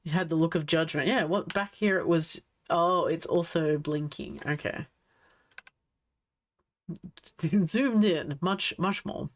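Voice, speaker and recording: A woman's voice: low voice, slow pace, long pauses. A woman streamer chatting casually on a live stream, gushing and giggling as she reacts to what is on screen. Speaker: livestreamer.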